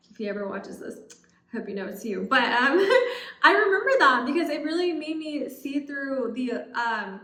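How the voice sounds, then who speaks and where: A young adult woman vlogging casual advice, chatty and expressive, acting out what other people say. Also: on the high side. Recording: echoey room.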